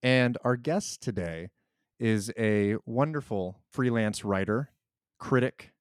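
A man hosting a casual film podcast, joking and then introducing the guest in measured host patter. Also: mid-range voice, no room sound, studio quality.

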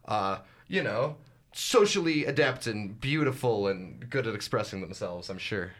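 A man's voice: lowish voice, expressive, measured pace, a bit bright. A young man hosting a radio talk show, chatting casually with many restarts and repeated words. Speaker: radio host. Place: radio studio.

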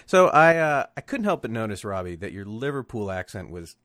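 Wry low-voiced podcast co-host man. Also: very animated, brisk, a bit bright, no room sound, clean studio sound. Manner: wry, joking, swears casually. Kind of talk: casual comedic chat.

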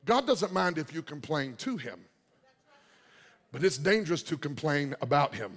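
A pastor delivering a dynamic sermon, swinging from loud shouting to quiet murmurs. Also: male voice, fairly high pitch, sing-song, normal speed, a little hiss or hum. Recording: long hall reverb.

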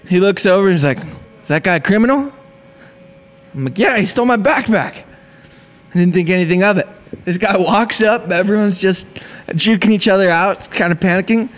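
High-voiced young man telling a wild story. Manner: excitable, acts out quotes in a rush. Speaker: small business owner. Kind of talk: animated storytelling.

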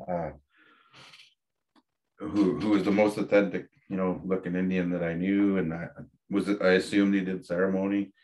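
Low-voiced man telling a story. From Ontario, Canada. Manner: candid, reflective, with frequent fillers and restarts. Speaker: podcast guest. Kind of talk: casual personal storytelling.

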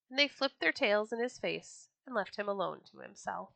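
Bright-voiced woman reading a children's story. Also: medium pitch, moderate pace, vocal fry, no room sound. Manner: expressive, gentle storytelling.

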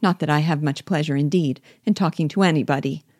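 A fretful, self-pitying middle-aged mother who complains at length, drawn-out and whining, as a woman reads her. Her tone is low and mellow, recorded close and dry. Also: no room sound. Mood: scolding. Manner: whining, drawn-out melancholy delivery.

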